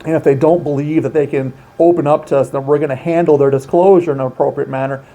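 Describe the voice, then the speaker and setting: A man's voice: on the high side, fairly even intonation, quick pace, mellow. A man working as an outreach coordinator, explaining child safety steps in an earnest, emphatic way during an interview. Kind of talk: informational interview.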